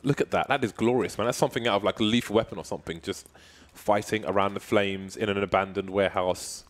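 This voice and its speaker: A man doing playful, joking esports color commentary that builds to excited calls. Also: fairly low pitch, fast talker.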